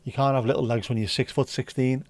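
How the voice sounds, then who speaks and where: A man's voice: medium pitch, flat delivery, quick pace, a little mellow, dry recording. A man from North West England, hosting a casual livestream and bantering with chat comments. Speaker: livestream host.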